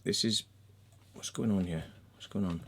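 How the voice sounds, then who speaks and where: A man's voice: deep voice, normal speed, gravelly, fairly bright tone, slightly rough. A man vlogging, muttering while he searches his screen, then ranting angrily with constant swearing and repetition. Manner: angry, sweary, repeats himself. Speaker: vlogger and crop circle maker. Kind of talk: ranting screen-share vlog.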